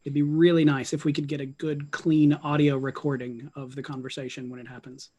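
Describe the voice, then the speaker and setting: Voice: medium pitch, level tone, a little fast, dark tone, slightly rough. A player at a tabletop game, talking in a dry, matter-of-fact way. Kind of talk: in-character chat at a tabletop game.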